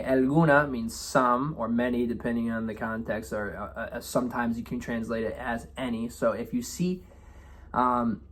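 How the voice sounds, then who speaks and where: A man teaching Spanish through song lyrics in a relaxed way, often checking in with "right?" and "okay?" as he explains. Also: medium pitch.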